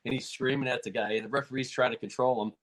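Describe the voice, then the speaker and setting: A man's voice: medium pitch, fast talker, a little hiss or hum. A man being interviewed, telling a fight story in casual talk and acting out the quotes in a raised voice. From United States. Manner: animated, acts out quotes in a raised voice. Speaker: martial arts federation president, guest.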